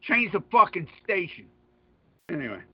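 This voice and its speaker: Male radio host, very high voice, combative profane ranter, lo-fi sound. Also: sing-song, normal speed, slightly rough, no echo. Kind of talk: ranting monologue. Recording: dull lo-fi dry audio.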